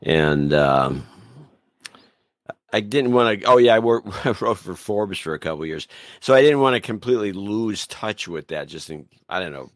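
Older man, podcast guest, deep voice, dry recording, stops and restarts. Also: animated, dry recording. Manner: halting, restarts often. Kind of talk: casual interview chat.

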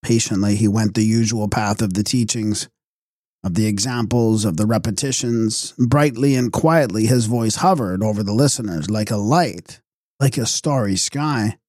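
A man narrating a novel as an audiobook in a calm, measured way. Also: on the low side, dry recording, studio quality. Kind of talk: audiobook reading.

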